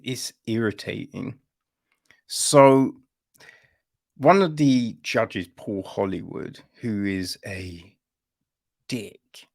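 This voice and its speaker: Male podcast host, middle-aged, slow-paced and swinging in pitch, blunt and profane in his opinions. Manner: blunt, sweary, ranting with frequent "right?".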